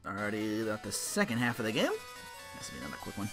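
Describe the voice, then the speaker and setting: A man's voice: lowish voice, wildly swooping pitch, quick pace. Profane rambling man narrating gameplay. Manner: rambling, profane, joking asides. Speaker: let's play host. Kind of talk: casual gameplay commentary. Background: game music.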